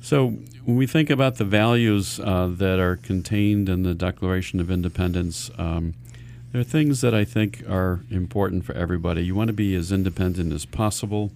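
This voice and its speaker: A man's voice: sits low, a little fast, hardly any pauses, darkish tone, slight background noise. A man hosting a radio talk show as a financial advisor, explaining earnestly and often restarting his sentences.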